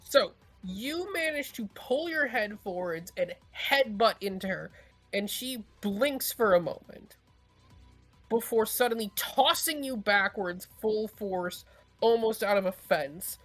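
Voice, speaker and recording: A woman's voice: medium pitch, expressive, slow pace, faint music behind. A woman narrating a tabletop role-playing game as game master, describing the action and calling for rolls.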